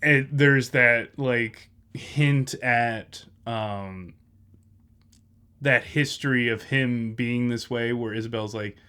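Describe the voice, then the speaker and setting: A man co-hosting a film podcast, talking in a relaxed, rambling way with many fillers. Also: mid-range voice, slow pace, clean tone. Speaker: podcast co-host. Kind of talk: casual film discussion.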